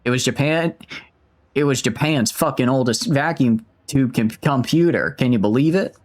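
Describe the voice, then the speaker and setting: A man voicing a foul-mouthed, gruff male game character in an exaggerated mock Australian accent, swearing constantly. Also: mid-range voice, moderate pace, natural voice.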